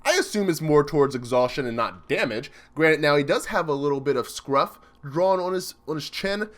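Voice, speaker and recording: A young man excitedly commenting live as he reads a comic chapter, chatty and laughing often. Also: on the high side, normal speed. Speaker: streamer reacting to a manga chapter.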